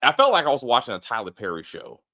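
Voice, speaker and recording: A man's voice: mid-range voice, huge pitch swings, fast, pushed and bright, highs cut off. A man co-hosting a casual TV spoiler review, ranting emphatically with plenty of profanity. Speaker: co-host of a TV review show.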